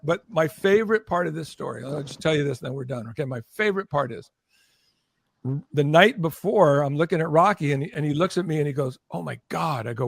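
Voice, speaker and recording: An older man, a former record promotion executive, telling animated stories as a guest and acting out the people in them. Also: gravelly, no echo. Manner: acts out quoted voices, rising high and loud. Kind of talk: animated storytelling.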